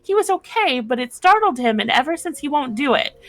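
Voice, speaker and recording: A woman chatting casually as a guest on a call-in show, talkative and quick to laugh. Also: high-pitched, sing-song, no echo. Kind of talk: casual chat.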